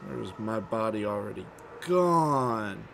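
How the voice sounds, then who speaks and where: A man's voice: fairly low pitch, animated, takes it slowly, creaky, fairly bright tone, a little hiss or hum. A man streaming a survival game live, grumbling to himself about lost gear and calling himself an idiot. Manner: grumbling to himself, frustrated and self-mocking. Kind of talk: livestream gameplay commentary.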